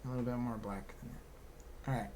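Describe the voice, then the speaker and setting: A man gives a live online painting class in a loose, chatty way, cracking small jokes between steps. His voice sits at an ordinary middle pitch. It comes through a computer mic on a video call. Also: steady tone, moderate pace, darkish tone, a little hiss or hum. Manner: casual, joking, chatty while working. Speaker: miniature painting instructor.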